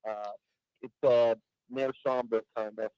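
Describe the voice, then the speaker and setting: A man's voice: medium pitch, steady tone, unhurried, smooth, no echo, muffled recording. A man from the greater Chicago area calling into a show, chatting casually and hesitantly with many fillers. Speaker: caller. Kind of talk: casual call-in chat.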